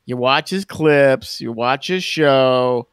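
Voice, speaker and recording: A man's voice: medium pitch, slow pace, clean tone, no room sound, clean studio sound. A man co-hosting a livestream, ranting casually at the chat, stammering and repeating words, with mocking put-on voices. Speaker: livestream co-host.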